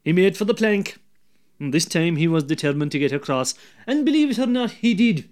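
Lively Irish storyteller, man. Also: sits high, a little fast. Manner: lively, dramatic, drops to hushed asides. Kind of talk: folk tale storytelling.

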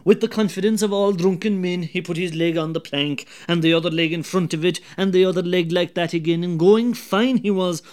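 A man with an Irish accent telling a folk tale, lively and dramatic, dropping to hushed asides. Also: high voice, brisk, hardly any pauses, clear, resonant tone. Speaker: storyteller.

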